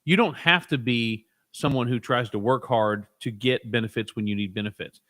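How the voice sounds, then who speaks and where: A man's voice: mid-range voice, moderate pace, fairly bright tone. A man co-hosting a talk radio show, building an argument point by point. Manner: building an argument, uses "you know". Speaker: radio co-host.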